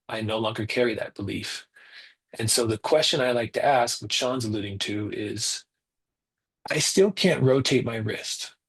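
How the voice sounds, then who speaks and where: Young guy hosting a webinar, husky voice, earnest storytelling, acts out the quotes. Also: lowish voice, a bit bright. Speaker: webinar presenter. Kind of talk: personal story in a spiritual talk. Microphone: webinar mic.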